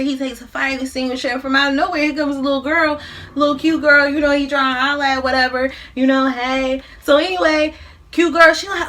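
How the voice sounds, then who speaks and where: A woman's voice: sits high, fairly even intonation, normal speed, a bit bright. A woman in her thirties, a mukbang vlogger, casually recapping a movie plot while she eats, in a loose, profane, slangy way.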